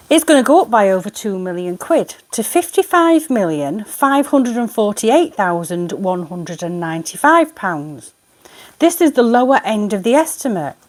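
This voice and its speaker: A woman tarot reader ranting to camera in a vlog. She sounds indignant and exasperated, rambling as she goes. Her voice sits at an ordinary middle pitch.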